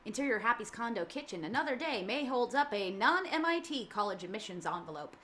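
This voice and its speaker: A woman narrating the action description in a fan table read of a film script, reading briskly and matter-of-factly. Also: fairly high pitch, expressive, fairly bright tone, slight background noise.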